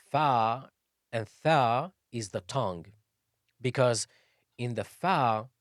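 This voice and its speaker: A man's voice: mid-range voice, no room sound, studio quality. A man teaching the pronunciation of Arabic letters, explaining each sound patiently and repeating it several times, with recited examples. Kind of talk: slow instructional explanation with Quran recitation.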